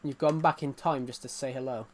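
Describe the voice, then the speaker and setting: A man's voice: mid-range voice, fairly even intonation, brisk, a little mellow. A man chatting casually to viewers during a gaming live stream, rambling and joking as he plays.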